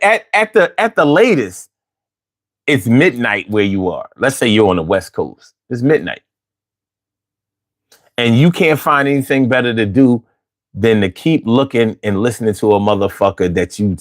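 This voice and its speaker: Host, male, late-night livestream, foul-mouthed, lively swooping delivery. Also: on the low side, normal speed. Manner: profane, animated, talks back to chat.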